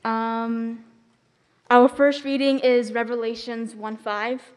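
A young woman with a stutter, reading scripture aloud softly and carefully in church, correcting herself now and then. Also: fairly high pitch, steady tone, takes it slowly, clear, resonant tone. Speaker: scripture reader.

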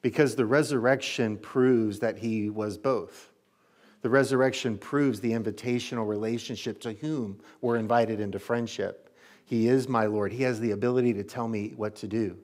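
A man's voice: fairly low pitch, steady tone, normal speed, darkish tone. A male pastor preaching a sermon and leading prayer, earnest in manner. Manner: earnest, leads a closing prayer.

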